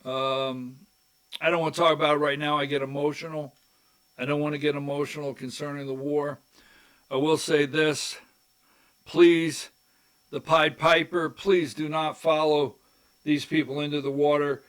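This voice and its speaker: A man's voice: on the high side, little pitch movement, moderate pace, a bit bright, clean tone. A man hosting a political talk show, rambling in a folksy way and repeating his phrases as he goes. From rural Georgia. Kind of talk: casual commentary monologue.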